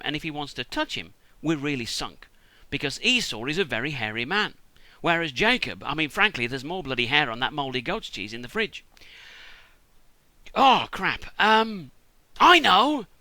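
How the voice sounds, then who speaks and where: Irreverent British storyteller man, bright voice. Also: fairly high pitch, no echo, low-quality recording. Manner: irreverent, sweary, chatty. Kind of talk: comic retelling of a Bible story.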